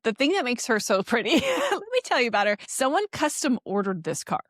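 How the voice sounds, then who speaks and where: A woman's voice: on the high side, fairly quick, no echo, studio quality. A woman in her forties, a podcast co-host, telling a personal story in casual chat, laughing often and acting out the voices in it. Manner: animated storytelling, laughs often, acts out quoted dialogue.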